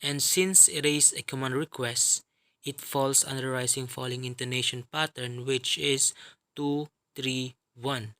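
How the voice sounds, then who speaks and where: A man presenting a lesson on English intonation patterns, explaining each step slowly and carefully. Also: medium pitch, steady tone, sharp tone. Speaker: student presenter.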